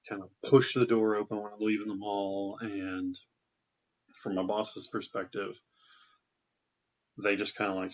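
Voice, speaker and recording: Husky man telling rambling stories. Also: on the low side. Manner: loose, rambling storytelling with many fillers. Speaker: stand-up comedian. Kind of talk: storytelling stand-up.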